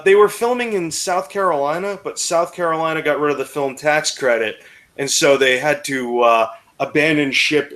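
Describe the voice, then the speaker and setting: A man's voice: medium pitch, a bit bright. An American man co-hosting a show, rambling and swearing in casual chat. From United States. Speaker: podcast co-host.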